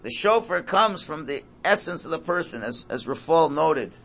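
Guy giving a torah class, a bit higher voice, repeats himself a lot, emphatic. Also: expressive, normal speed, creaky, a bit bright. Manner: emphatic, repeats phrases, mixes in Hebrew and Yiddish terms. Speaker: Torah teacher.

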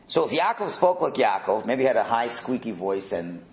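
A middle-aged man leading a religious text class, animated, firing rhetorical questions and repeating words. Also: mid-range voice, normal speed, roomy sound, poor audio. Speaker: religious teacher.

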